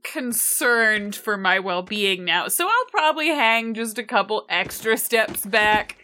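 A woman's voice: medium pitch, expressive, measured pace, sharp tone. A woman playing a tabletop game in casual chat, making dry, wry remarks. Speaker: player.

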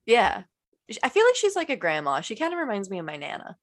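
A woman chatting about a book on a podcast in a relaxed, filler-heavy way. Her pitch sits in the middle range for a woman. Her tone is easygoing and conversational. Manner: chatty, peppered with "like", quick to laugh. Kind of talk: casual chat.

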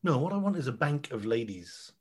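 A man's voice: medium pitch, very animated, brisk, a little mellow. An Irish man chatting casually as a podcast guest, telling rambling, playful stories and swearing freely. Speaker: podcast guest, friend of host. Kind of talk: casual chat.

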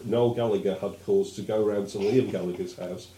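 A lowish, mellow-voiced man with a posh English accent, co-hosting a casual podcast. He rambles wryly through stories. His voice carries a roomy echo. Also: fairly even intonation, brisk, a little hiss or hum. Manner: rambling, wry, storytelling. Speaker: podcast co-host. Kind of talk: casual chat.

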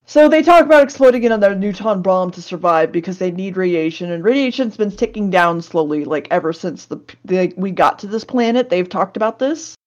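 A woman recaps an old episode for her podcast in a loose, sarcastic chat. She sits at an ordinary mid pitch, drops curse words and laughs her way through the plot. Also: lively intonation, brisk, few pauses, darkish tone, lo-fi sound. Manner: sarcastic, swears freely, laughs often.

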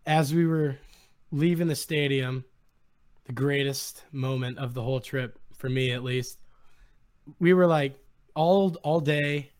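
A young man hosting a podcast, excitedly retelling a story in casual chat. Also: medium pitch, measured pace, long pauses. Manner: excited, animated retelling with quoted voices. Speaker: podcast host.

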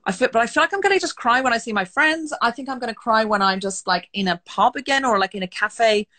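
A woman's voice: a little high, expressive, fast talker, pushed and bright. A middle-aged woman from Australia hosting a podcast interview, chatty and earnest, repeating herself when she reassures. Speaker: podcast host. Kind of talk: casual conversational interview.

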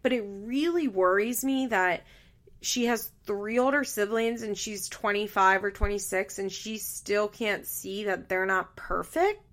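A woman's voice: medium pitch, a little slow, a bit bright. A woman giving casual, blunt commentary on a reality show, swearing often and sharing her opinions.

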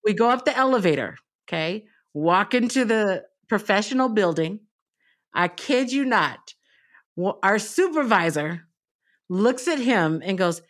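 A woman's voice: mid-range voice, lively intonation, unhurried. A woman radio personality as a podcast guest, telling stories in an emphatic, conversational way. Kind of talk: casual chat.

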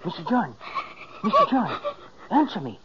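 An actor playing a man who gently comforts a grieving housekeeper in a 1940s radio drama. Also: high-pitched, wildly swooping pitch, normal speed, highs cut off. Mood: comforting. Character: anxious younger male relative. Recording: scratchy 1940s radio recording with loud hiss.

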